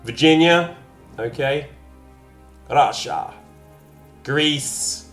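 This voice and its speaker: A man's voice: fairly high pitch, extremely slow, a bit bright, faint music behind. A man casually chatting to his live-stream viewers as he plays a game, reading out their comments with jokey asides. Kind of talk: casual live-stream chat while gaming.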